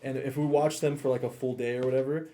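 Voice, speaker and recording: A man's voice: mid-range voice, fairly even intonation, fast talker, dark tone. A man co-hosting a podcast in casual chat, laughing often and swearing freely. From United States. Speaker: podcast co-host.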